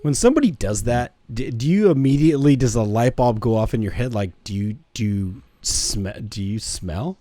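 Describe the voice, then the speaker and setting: Rambling young man, halting chat. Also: mid-range voice, animated, dark tone, dry recording. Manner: rambling, halting, full of restarts. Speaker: podcast co-host. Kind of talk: casual chat.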